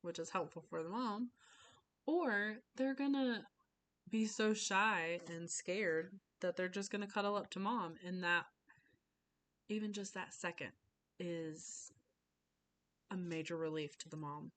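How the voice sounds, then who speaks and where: A woman's voice: fairly low pitch, a little slow, pauses often, fairly bright tone, a little hiss or hum. A young woman giving an informal class speech, chatty, often acting out little conversations in voices.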